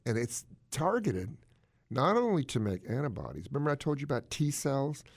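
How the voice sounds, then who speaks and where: A man co-hosting a casual chat, explaining health news in a jokey, animated way. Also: normal speed. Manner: animated, jokey, swoops up in pitch for emphasis.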